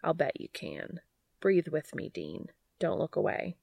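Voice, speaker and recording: A woman doing calm grown man, low steady voice, soothing and in charge, dry mic. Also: a little slow, vocal fry, dry recording, full character voice. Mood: calm commanding.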